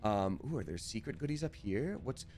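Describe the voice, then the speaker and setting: A man's voice: lowish voice, very animated, normal speed, a little mellow, soft background music. A man streaming a video game, chatting casually and telling a story while he acts out both sides of a conversation.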